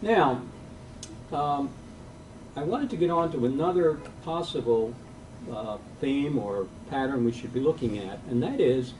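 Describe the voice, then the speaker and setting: A man's voice: medium pitch, animated, measured pace, darkish tone. Man lecturing to a class, distant mic. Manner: unscripted, reads quotes aloud with fillers and self-corrections. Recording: distant mic with faint room hiss.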